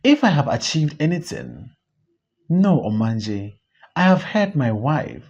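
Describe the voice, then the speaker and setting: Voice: mid-range voice, big pitch swings, takes it slowly, darkish tone, husky, dull audio, heavily acted. An audiobook reader voicing a troubled young male politician who is remorseful and bitter, in a read stage play.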